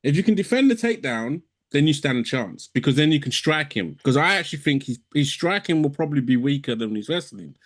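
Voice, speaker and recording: Young dude on a podcast, slightly high voice, laughs a lot, teasing, goes on long explanations. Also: male voice, animated, fairly quick, few pauses. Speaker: podcast co-host. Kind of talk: casual banter.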